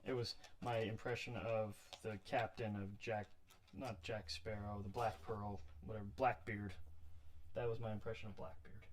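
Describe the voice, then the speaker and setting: A man's voice: on the low side, moderate pace. A man building a model pirate ship on a livestream, chatting casually and muttering to himself as he works. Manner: relaxed, muttering to himself between steps. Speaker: miniature crafter livestreaming a build. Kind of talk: casual thinking aloud while crafting.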